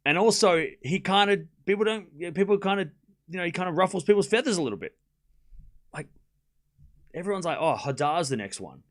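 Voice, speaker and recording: A young man chats loosely into his desk mic while hosting a live tennis watchalong. His voice sits a little on the high side for a man. He rambles through run-on thoughts packed with fillers and gets excitable and scornful when he mocks commenters. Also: a little fast, long pauses. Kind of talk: casual live-stream chat.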